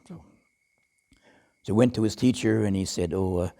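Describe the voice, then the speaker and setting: Man, Buddhist monk, dharma talk, mellow voice, chuckling storyteller, easygoing. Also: fairly low pitch, moderate pace, vocal fry. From Western, lived in Thailand as a layman. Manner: relaxed storytelling, chuckles often, many fillers.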